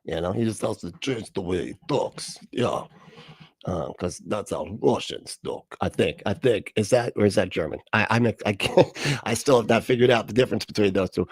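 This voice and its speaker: A man's voice: on the low side, normal speed, husky, no room sound, clean studio sound. A man hosting a livestream, reacting in casual, sarcastic commentary with plenty of swearing and rambling asides. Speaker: livestream host.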